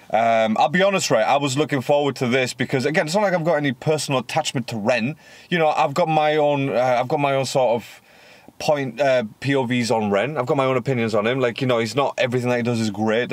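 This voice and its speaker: A young man with a British accent reacts to a rap track in blunt, profane, mocking commentary. His voice sits at an ordinary male pitch, and the recording is dry and close with no room sound. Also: no echo. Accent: British English. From United Kingdom. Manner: blunt, heavy swearing, mocking. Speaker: music reaction host.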